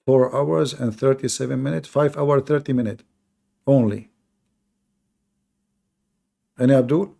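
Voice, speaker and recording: A man's voice: mid-range voice, fairly even intonation, moderate pace, vocal fry, mellow. A man hosting a live online debate and talking in a sarcastic, mocking way, often laughing at his own points. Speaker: live debate show host.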